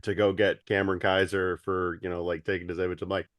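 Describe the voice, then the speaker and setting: A man's voice: deep voice, fairly even intonation, fast talker, hardly any pauses, no echo, clean studio sound. A man co-hosting a podcast, chatting casually and jokingly about a cartoon episode in an easygoing way. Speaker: podcast co-host.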